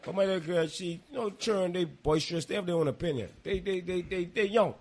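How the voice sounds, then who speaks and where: This is a man with a high voice talking on a casual podcast. He lectures with emphasis and hammers each point more than once. He stays chatty rather than formal. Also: fast. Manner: calls listeners "boy". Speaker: podcast co-host. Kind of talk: casual chat.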